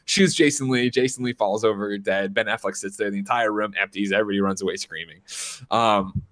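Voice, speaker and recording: A man in his thirties casually recapping a film on a podcast, retelling scenes with loud bursts of impressions. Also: fairly low pitch, fairly quick. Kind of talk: casual chat.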